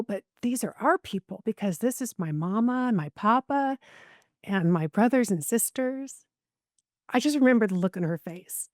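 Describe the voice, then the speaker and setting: A middle-aged woman who is a genealogist appears as a podcast guest, telling a personal story in an interview and animatedly acting out the voices of the people involved. Her voice is on the high side at a moderate pace, captured as a dry, studio-quality recording.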